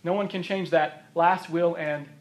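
A man preaching a sermon, emphatic and repeating phrases for stress, his voice going hoarse. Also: on the high side, fairly even intonation, a little slow, slight background noise. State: losing his voice. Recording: roomy echo of a hall.

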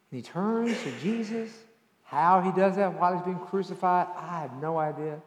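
A man preaches a sermon with a slightly high-pitched voice, shifting from quiet reflection to loud emphasis as he tells stories. His voice rings through a large church sanctuary with a long, trailing reverb. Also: normal speed, a little hiss or hum. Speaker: pastor.

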